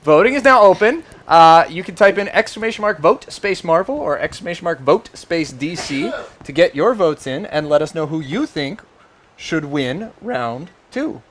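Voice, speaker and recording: A man's voice: on the high side, animated, normal speed. A man hosting a casual comic book panel show, announcing rounds and calling for votes in an upbeat way. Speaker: show host running votes.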